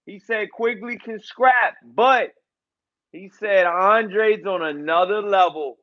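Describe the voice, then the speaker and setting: A high-pitched man calls a boxing fight live for his stream, loose and excitable, tossing in "man" and "y'all" constantly. His home mic sounds a little dull and muffled. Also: slow pace. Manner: loose, hyped, repeats catchphrases and fillers like man and y'all. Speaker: boxing commentator and channel host.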